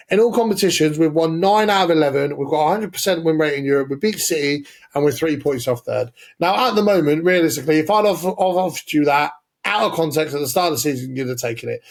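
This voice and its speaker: A man's voice: a little high, creaky. A man co-hosting a casual football podcast, opinionated and sweary, laying out his arguments step by step. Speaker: podcast co-host.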